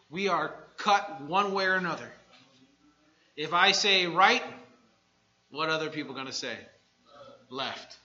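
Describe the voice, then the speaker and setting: A man preaching a sermon, swinging between quiet asides and loud shouted bursts. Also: fairly high pitch. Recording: dull lo-fi recording.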